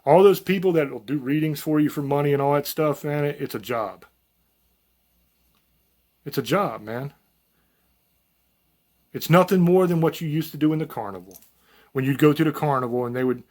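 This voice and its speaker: Man, channel host, slightly high voice, blunt folksy rant with swearing, unscripted. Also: normal speed, pauses often, a little mellow. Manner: blunt, profane, folksy, rambling. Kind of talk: unscripted monologue to camera.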